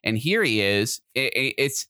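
A man co-hosting a podcast in casual chat, excitable and quick to get loud and animated. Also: mid-range voice, clear, resonant tone, dry recording, studio quality. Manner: excitable, gets loud and animated when riled. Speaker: podcast co-host.

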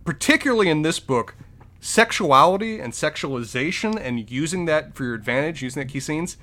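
A man's voice: a little high, expressive, brisk, pushed and bright. A man co-hosting a casual film review podcast, talking in long, detailed run-on points. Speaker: podcast co-host.

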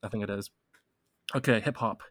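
A man's voice: lowish voice, moderate pace, fairly bright tone, no echo, studio quality. A man hosting a podcast quiz in a casual chat, teasing his co-host and laughing often.

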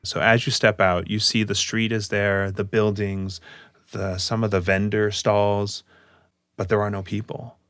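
A man's voice: fairly low pitch, little pitch movement, unhurried, fairly bright tone, dry recording, studio quality. A man narrating a tabletop game as game master, describing scenes in a loose, descriptive way. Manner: descriptive, fillers like "like".

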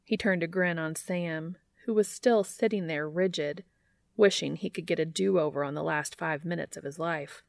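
Gravelly woman reading fan fiction. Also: low-pitched, normal speed, dry recording, clean studio sound. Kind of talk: read-aloud fan fiction narration.

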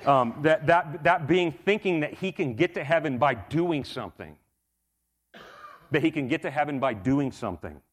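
A man's voice: on the high side, a bit bright. A middle-aged man preaching a sermon in a casual, conversational way, repeating himself and using fillers. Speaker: pastor.

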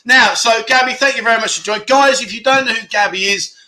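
A man's voice: very high-pitched, fast talker, pushed and bright. A man hosting a livestream, chatting casually and teasing viewers as he reads their comments. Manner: cheeky, teasing banter. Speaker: livestream host.

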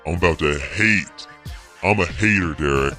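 Podcast co-host, male, bright and forceful tone, blunt and emphatic delivery. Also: deep voice, normal speed, soft background music. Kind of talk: casual podcast chat.

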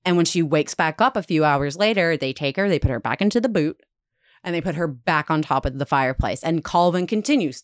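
A woman casually retelling a dark history story, acting out the quotes with lots of "like". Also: deep voice, a little fast, dry recording, studio quality. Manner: animated retelling, acts out quotes, frequent "like". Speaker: podcast host telling a history story.

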